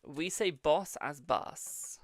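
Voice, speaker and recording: A woman's voice: extremely low pitch, expressive, quick pace. A woman with a light Birmingham accent, a tarot reader hosting a live stream, chatting playfully with her viewers.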